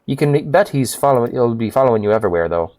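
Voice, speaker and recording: A man voicing a shifty animal smuggler who talks roughly and colloquially, reading game quest dialogue aloud. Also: medium pitch, animated, fast, darkish tone, natural voice. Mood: furtive. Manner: rough colloquial talk, says 'me' for 'my'.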